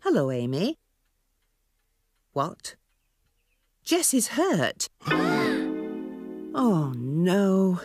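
A woman voicing a gentle, caring mum in a children's cartoon, speaking in a soft, fussing way with a British accent. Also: lowish voice, wildly swooping pitch, extremely slow, pauses often, breathy edge, dry recording, clean studio sound, soft background music, exaggerated voice. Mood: concerned. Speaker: mother character.

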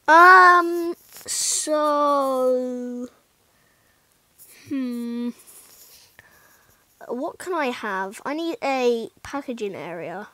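A woman's voice: high voice, slow pace, pauses often, sharp tone, no echo, poor audio. A woman giving casual, rambling gameplay commentary, mocking herself and often muttering asides under her breath. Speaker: gaming YouTuber.

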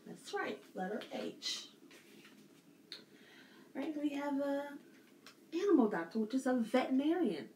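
In an echoey church classroom with faint music playing, a woman teaching preschool runs circle time for young children and asks them patient questions. She speaks high and sing-song, a little slowly, with frequent pauses and a warm tone, and there is a little hiss or hum.

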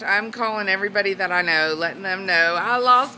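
Bubbly woman with a bright voice. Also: mid-range voice, brisk, hardly any pauses, slight background noise, low-quality recording. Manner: bubbly, giggly, excitable. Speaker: weight-loss vlogger. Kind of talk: casual vlog chat. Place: at home indoors, then on a swing.

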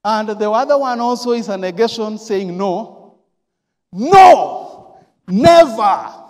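A man preaching a sermon as pastor, emphatic and repetitive, swinging from quiet reading to loud stressed lines. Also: high-pitched, moderate pace. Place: large church hall. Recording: long church hall reverb.

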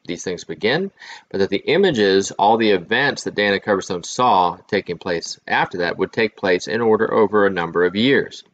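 A man's voice: sits low, fairly bright tone, muffled recording. A man hosting his own channel, thinking aloud in casual commentary with frequent restarts. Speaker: channel host.

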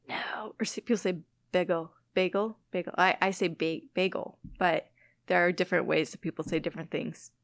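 A woman's voice: fairly low pitch, vocal fry, no room sound. A talkative woman from the American Midwest, sounding like she is in her thirties. She chats casually and laughs easily. Her voice is recorded close and dry, with no room around it. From Midwest US, Illinois-Wisconsin border. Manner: chatty, laughs often, self-deprecating. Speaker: guest scientist. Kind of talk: casual conversation.

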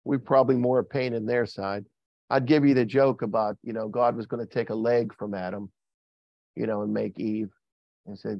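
A man's voice: moderate pace, creaky, no echo, dull audio. A man preaching a sermon as pastor, joking and asking the congregation questions. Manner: joking, asks the congregation questions, lively swings in pitch. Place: church. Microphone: video call recording.

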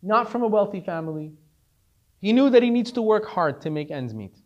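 Brief: a male rabbi in a class, telling a story casually, with a lively, expressive pitch. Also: brisk, dull audio. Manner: conversational, animated storytelling.

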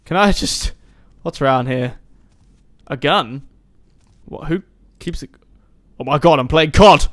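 A man's voice: a little high, unhurried, long pauses, fairly bright tone, dry recording. A young man hosting a let's-play, giving sarcastic, rambling commentary and swearing freely. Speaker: gaming channel host.

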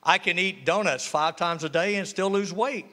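A man's voice: high voice, normal speed, sharp tone, a little hiss or hum. A male pastor, preaching a sermon in a church with humor and call-and-response. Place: church sanctuary. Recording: reverberant church hall.

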